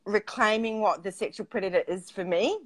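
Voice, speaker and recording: A woman's voice: mid-range voice, brisk. Woman, tantra coach, casual storytelling, chatty, filler-heavy, laughs often.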